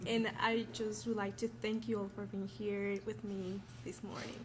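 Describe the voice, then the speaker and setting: Teen student from Mexico, Mexican accent, flat-toned and nervous at a noisy school event. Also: female voice, medium pitch, moderate pace. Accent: Mexican Spanish. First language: Spanish. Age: teens. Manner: nervous, apologetic, earnest. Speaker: honored student. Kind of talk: award acceptance speech.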